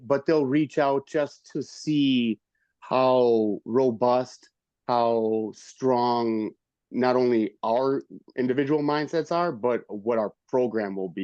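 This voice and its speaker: A man's voice: medium pitch, a little mellow, no echo. A man in a casual group discussion, reflective and thinking aloud as he talks. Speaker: group member. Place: online video meeting. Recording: muffled dry video call recording.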